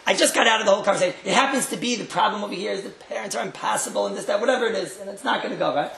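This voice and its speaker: A man's voice: high voice, rapid-fire, gravelly, bright, forceful tone, slight background noise. A man speaking as a rabbi, giving a religious talk as a wry storyteller who makes joking asides and repeats his phrases. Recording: roomy echo.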